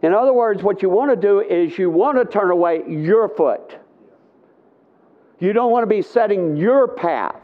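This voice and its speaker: A man's voice: sits high, lively intonation, moderate pace. A middle-aged man giving a live conference Bible teaching, talking conversationally and often checking in with "okay?". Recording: tinny phone-like sound.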